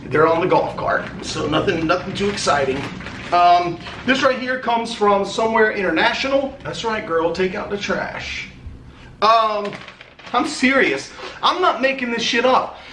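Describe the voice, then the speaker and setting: A man's voice: high voice, animated, a little slow, fairly bright tone, a little hiss or hum. A man opening fan mail on a casual vlog, chatty and rambling, swearing now and then. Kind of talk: casual chat. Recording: echoey room.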